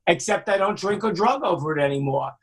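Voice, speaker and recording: A man, telling wild stories in a casual interview, animated and swearing freely. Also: high voice, fast talker, a loud crowd. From Brooklyn, New York. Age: 60s. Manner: animated, acts out quoted voices, swears freely. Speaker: guest, music industry veteran.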